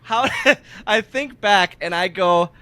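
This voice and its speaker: A man's voice: sits high, slow, bright, forceful tone, no echo. A man hosting a casual podcast interview, chuckling along and asking his guest questions. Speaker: podcast host.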